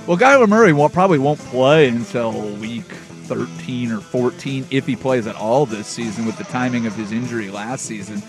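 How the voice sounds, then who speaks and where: A man hosting a sports radio show, giving relaxed analysis and bantering with his co-host. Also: mid-range voice, moderate pace, music in the background. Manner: conversational, loud bursts of excitement.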